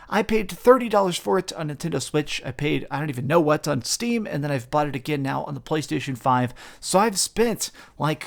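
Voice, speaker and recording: A young man hosting a game review and unboxing vlog, talking with gushing, animated enthusiasm. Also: on the high side. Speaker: game reviewer and channel host.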